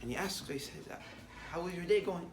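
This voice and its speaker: A man's voice: high voice, fast talker, echoey room, far from the mic, a little hiss or hum. A man giving a short morning sermon as a rabbi, telling a story in English with many Hebrew terms and building up to emphatic declarations.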